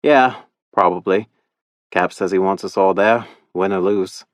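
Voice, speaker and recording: A man's voice: deep voice, a little slow, dry recording. A man voicing a big, easygoing young Australian hockey goalie with an Australian accent in a storybook reading. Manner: relaxed, chatty.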